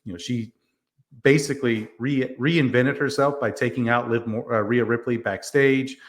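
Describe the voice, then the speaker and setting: A man's voice: medium pitch, steady tone, normal speed. A man co-hosting a wrestling podcast, chatting casually and earnestly arguing his picks, with plenty of ums and you-knows. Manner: earnest, makes his case with fillers. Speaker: podcast co-host. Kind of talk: casual chat.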